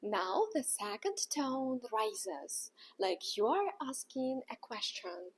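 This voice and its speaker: A woman teaching in a scripted lesson dialogue, acting out sounds with exaggerated pitch. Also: big pitch swings, takes it slowly, slightly rough. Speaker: language teacher.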